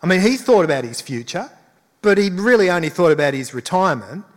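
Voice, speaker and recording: A man's voice: high-pitched, very animated, quick pace. A male pastor giving a conversational sermon with emphatic rises. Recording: long hall reverb.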